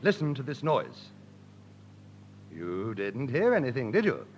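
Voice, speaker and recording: A man performing deadpan radio sketch comedy in a mock-lecturing manner. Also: mid-range voice, a little slow, husky, dull audio.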